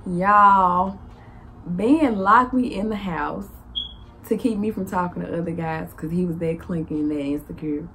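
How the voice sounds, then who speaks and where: Animated Southern woman telling a story. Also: slight background noise. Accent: Southern US (Memphis). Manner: lively, laughing, acts out dialogue with big pitch jumps.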